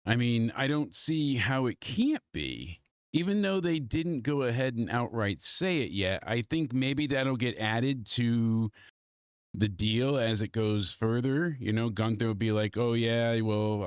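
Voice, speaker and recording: A man's voice: medium pitch, dry recording, clean studio sound. A congested man hosting a live stream, talking loosely and profanely in casual chat. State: congested from allergies. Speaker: wrestling review livestream host.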